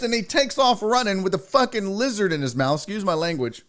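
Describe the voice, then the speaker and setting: A chatty man hosts his show in a loose, rambling monologue. His pitch sits a little high and swings widely as he tells a story. He acts out the lines of his cat and of himself in squeaky voices. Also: sing-song, fairly quick, hardly any pauses, a bit bright. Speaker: sports show host.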